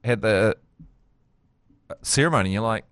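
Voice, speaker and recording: A man, co-hosting a podcast, telling rambling anecdotes with loud impressions. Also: on the low side, normal speed, no echo. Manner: storytelling with shouted impressions. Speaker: podcast co-host. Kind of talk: casual chat.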